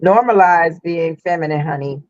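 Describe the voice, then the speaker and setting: A woman's voice: fairly low pitch, moderate pace, no room sound, highs cut off. A woman co-hosting a casual podcast, talking frankly with slang. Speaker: podcast co-host.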